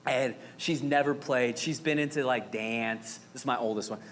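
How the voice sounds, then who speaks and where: A man in his thirties from Arizona, preaching a sermon as pastor with animated, dramatic storytelling and playful asides. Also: mid-range voice, normal speed. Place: church sanctuary. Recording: reverberant hall with faint noise.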